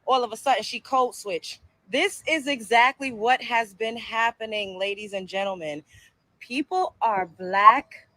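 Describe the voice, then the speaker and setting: A woman's voice: a little high, animated, a little slow, sharp tone, reverberant. A woman hosting a reaction commentary show, blunt and profane, firing off rhetorical questions.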